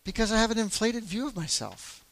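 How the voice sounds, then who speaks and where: A middle-aged man speaks about faith in a relaxed, conversational way. He tells on himself with candid, self-deprecating humor, padding his sentences with fillers and restarts. His voice sits slightly higher than most men's. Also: brisk, no echo. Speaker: church elder. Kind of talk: casual talk on faith.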